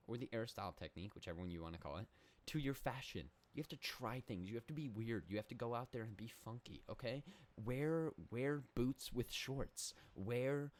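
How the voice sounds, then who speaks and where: Rambling young man, mock-serious, low voice. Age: young adult. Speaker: podcast host. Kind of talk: comedic solo monologue.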